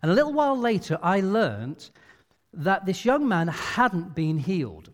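Male preacher, high and lively voice, sermon style, reverberant hall. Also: measured pace. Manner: animated, expressive storytelling delivery. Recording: long reverb of a large hall.

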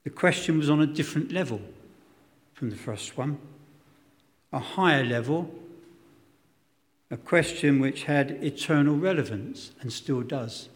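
A man's voice: fairly high pitch, measured pace, pauses often. A man preaching a sermon, dramatic and emphatic, acting out quotes, with self-deprecating humour. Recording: long hall reverb.

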